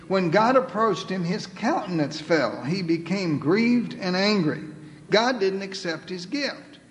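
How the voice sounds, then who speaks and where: A male pastor preaching a sermon, reading scripture with emphasis and dropping to a soft, pleading tone at times. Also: sits high, a little hiss or hum. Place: church sanctuary. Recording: reverberant church hall.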